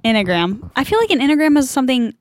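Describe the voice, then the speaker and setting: Woman podcast host, chatty and bubbly; clean, smooth voice, dry booth sound. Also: high-pitched, big pitch swings, quick pace, no echo. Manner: bubbly, chatty, many filler likes. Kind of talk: casual chat.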